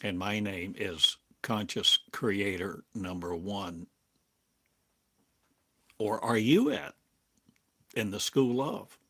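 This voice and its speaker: An older man giving a slow, halting spiritual monologue as a teacher, speaking in drawn-out phrases with long pauses. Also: fairly low pitch, lively intonation, a bit bright, slight background noise. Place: home in a small town, drinking coffee.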